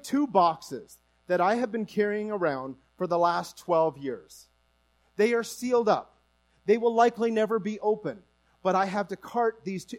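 A man from Newfoundland with a Newfoundland accent, preaching a conversational sermon to his congregation and asking them questions. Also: sits high. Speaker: pastor.

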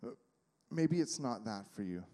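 A man's voice: on the low side, animated, moderate pace, dark tone. A man preaching a sermon in a church, speaking conversationally with many fillers and acting out little quotes. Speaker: pastor. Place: church sanctuary. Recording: reverberant hall.

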